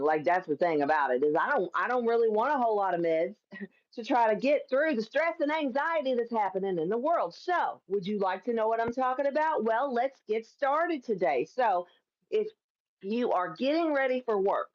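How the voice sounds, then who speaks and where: A talkative woman hosts a casual live stream, speaking emphatically and laughing often between points. Her voice sits in a middle pitch, and the sound is a bit dull and lo-fi, like a phone stream. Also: expressive, normal speed. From Kentucky. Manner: chatty and emphatic, laughs often, swears freely. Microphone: phone or camera on a live stream.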